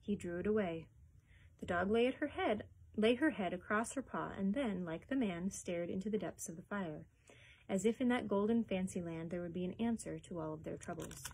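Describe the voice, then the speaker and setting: A woman librarian reading a children's chapter book aloud in a steady, expressive storytelling voice. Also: mid-range voice, moderate pace, slightly rough, poor audio.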